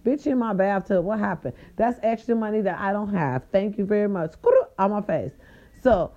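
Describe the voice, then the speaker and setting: A woman hosting a podcast, telling a story in a casual, sassy way and swooping her voice up high for emphasis. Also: brisk, dark tone, lo-fi sound. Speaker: podcast host.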